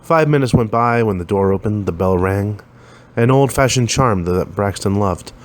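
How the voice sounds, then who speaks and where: A man's voice: lowish voice, moderate pace. A man reading a science fiction story aloud, lifting his voice a little for the dialogue. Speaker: narrator.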